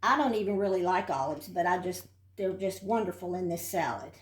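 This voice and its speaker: This clip features a fairly low, brisk female voice under very heavy noise. She is an older woman from Texas, a home cook and host, casually touring her house and showing a recipe in her kitchen. The audio is roomy, captured from off-mic.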